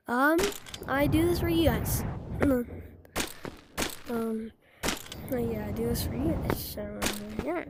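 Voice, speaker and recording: High-voiced woman chatting over loud game noise. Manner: chatty, talks to viewers, flips between mumbling and excited exclamations. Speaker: gamer. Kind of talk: casual gameplay commentary.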